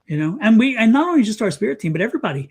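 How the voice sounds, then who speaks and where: High-voiced, animated middle-aged man. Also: racing, crowd noise. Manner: animated, emphatic, repeats commands. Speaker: psychic guest. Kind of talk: live psychic reading and advice.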